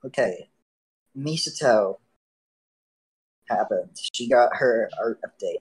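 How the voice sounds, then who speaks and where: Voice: medium pitch, slow pace, a little mellow, rough recording. A host leads a casual podcast chat and moves it along from topic to topic. The host's playful streak comes out in teasing repetitions.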